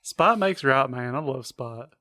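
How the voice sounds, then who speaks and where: A man's voice: medium pitch, expressive, unhurried, bright, forceful tone, no echo. A man co-hosting a podcast, chatting casually with blunt, dry quips. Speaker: podcast co-host. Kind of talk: casual chat.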